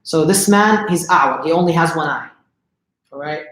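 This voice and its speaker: This man's voice is fairly high and a little bright, and he moves along fairly quickly. He's narrating a religious story during a relaxed livestream lesson, chatting and asking viewers questions, with roomy echo in the recording.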